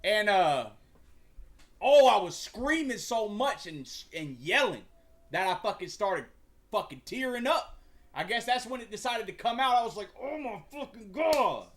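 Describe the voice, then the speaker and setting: A man's voice: high voice, very animated, moderate pace, fairly bright tone. A young man hosting a livestream, chatting casually in a slangy, profane, rambling way with frequent stumbles. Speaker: livestream host.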